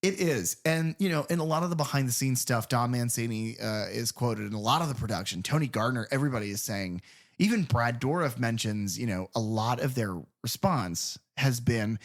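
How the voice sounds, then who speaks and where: A man in his thirties co-hosting a casual film podcast. He talks in animated bursts, swears freely and laughs often, in a mid-range voice. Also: medium pitch, normal speed. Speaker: podcast co-host.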